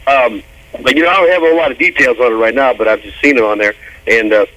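A man in his fifties, a rock bassist telling stories on a radio interview, loose and animated, swearing casually and drawing out "man.". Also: poor audio. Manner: animated storytelling, swearing, laughing, drawn-out "man". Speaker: guest musician.

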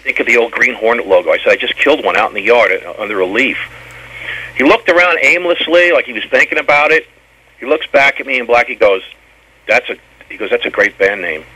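A man's voice: mid-range voice, fast talker, pushed and bright, husky, poor audio. A man being interviewed about his old band, telling long stories in a rambling way and often stumbling and repeating words. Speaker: former band member guest. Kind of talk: storytelling interview.

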